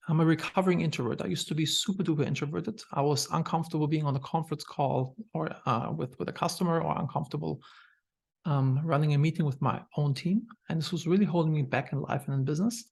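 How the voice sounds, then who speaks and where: A man with a German accent and a husky voice, a startup founder giving a candid masterclass talk full of personal stories, with frequent fillers and restarts. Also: fairly high pitch.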